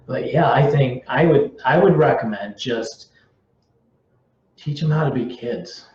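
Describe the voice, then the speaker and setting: A man fields viewer questions on a casual live stream, speaking at a middling pitch. He often trips over his own sentences and restarts them. The sound is roomy and a little dull. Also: a little slow, darkish tone. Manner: conversational, with frequent restarts and filler words. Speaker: curriculum representative answering viewer questions.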